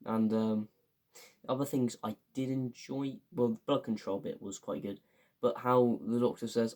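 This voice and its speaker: A young man talks through his thoughts on a show in a loose, rambling way. He keeps stumbling over fillers and restarts but sounds genuinely enthusiastic. His voice sits at an ordinary middle pitch. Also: steady tone, moderate pace, a little mellow. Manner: rambling, filler-heavy, enthusiastic, acts out quotes. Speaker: fan reviewer. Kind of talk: casual spoken review.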